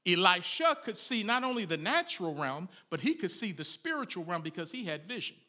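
High, bright-voiced preaching man. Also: big pitch swings, fairly quick. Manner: dramatic preaching, rising to shouts; folksy asides between scripture readings. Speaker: pastor. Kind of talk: sermon.

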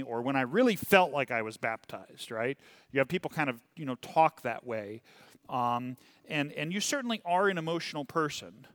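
A man leading a church Bible class in a casual, animated way, rambling and often checking in with "okay?". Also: medium pitch, no room sound, studio quality. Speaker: pastor teaching a Bible class.

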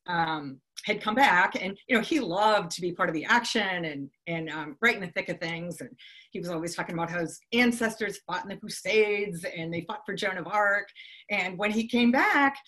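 A woman's voice: fairly low pitch, fairly bright tone. A woman from Boston giving a live talk to an audience, telling a history story in a conversational way with frequent ums and restarts. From Boston, United States.

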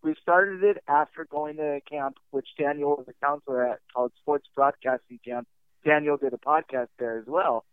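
A man's voice: on the high side, steady tone, moderate pace, smooth, no echo. A young man, a guest podcaster, earnestly and upbeatly promoting his own sports show. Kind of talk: promotional pitch. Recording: tinny phone-like line.

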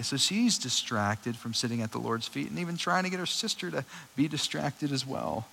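Casual animated young man preaching. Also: fairly high pitch, moderate pace, creaky, few pauses, a little hiss or hum, low-quality recording. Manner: conversational, animated preaching with fillers. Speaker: pastor. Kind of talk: sermon.

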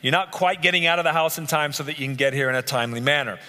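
A man's voice: fairly high pitch, flat delivery, very fast, pushed and bright, big-room sound. A man leading a live Bible study, earnestly listing traits one by one and repeating key phrases. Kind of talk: live teaching talk. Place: church meeting room.

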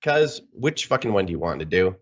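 A man's voice: low voice, sing-song, a little fast, highs cut off. A man hosting a casual game with friends, rambling, swearing and laughing as he talks. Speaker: podcast host running a game.

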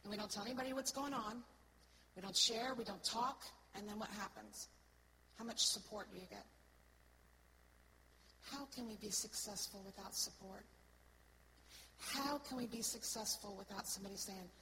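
An earnest woman speaking to a church congregation in a slightly high voice. She keeps checking in with her listeners and drops to soft, slow phrases before pushing key words loudly. The live recording carries a clear hiss of room noise behind her. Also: expressive. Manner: earnest, asks the congregation "right?" often; swings between soft, slow words and loud stressed ones. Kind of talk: sermon-style teaching.

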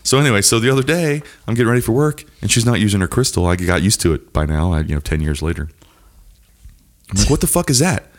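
A man in his thirties hosting a casual comedic podcast chat, telling crude stories about his wife and mimicking her. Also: fast talker. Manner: animated storytelling, mimicking his wife in a high voice. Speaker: podcast host.

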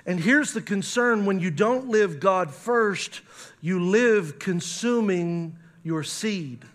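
A man's voice: sits high, expressive, slow pace. A man, a pastor, preaching a sermon with emphatic rises and reading scripture aloud.

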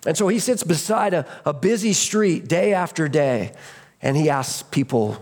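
A pastor delivering a sermon with a slightly high, gravelly voice. He retells the stories with energy, slipping into the voices of the characters and breaking into shouts at the high points. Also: normal speed. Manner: storytelling, acts out voices in the story; animated, shouts at peaks.

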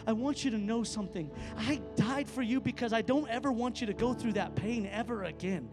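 A preacher doing a slangy, blunt Jesus. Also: male voice, extremely high pitch, fairly quick. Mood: impassioned. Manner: slangy, then gentle and soothing. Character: Jesus as a casual, blunt man. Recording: echoey hall with faint music.

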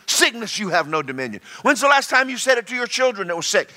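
A man preaching a sermon, folksy and joking, swinging between loud exhortation and quiet storytelling. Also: sits high, big pitch swings, fast.

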